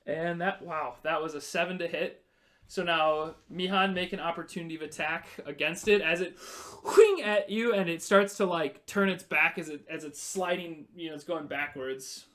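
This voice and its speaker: A man's voice: on the high side, moderate pace, fairly bright tone. A man running a tabletop game as game master, narrating the action and explaining the rules as he goes.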